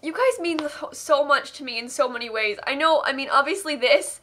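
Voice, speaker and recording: A woman's voice: high-pitched, a little fast, a bit bright, a little hiss or hum. A young woman streamer reading out donations and thanking viewers, tearful and laughing through tears, with gushing, affectionate thanks. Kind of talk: live charity stream.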